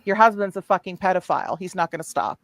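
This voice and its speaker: A woman's voice: on the low side, fast talker, a little hiss or hum, low-quality recording. A woman hosting a heated livestream callout, furious and heavily profane.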